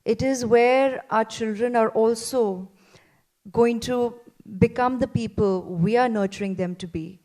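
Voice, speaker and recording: A woman in her forties from India, a parent giving a heartfelt testimonial speech to a seated audience, earnest and gentle, with many fillers and repeated phrases. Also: fairly high pitch, measured pace. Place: event venue before a seated audience.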